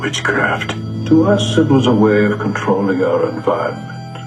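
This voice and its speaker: An actor playing a calm, cold older villain, speaking slowly and quietly. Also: male voice, on the low side. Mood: menacing. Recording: echoey film audio with music behind.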